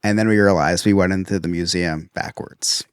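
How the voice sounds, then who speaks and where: A man's voice: deep voice, steady tone, moderate pace, smooth, no echo, studio quality. Chatty man hosting a podcast, stammering. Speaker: podcast host. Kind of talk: casual podcast chat.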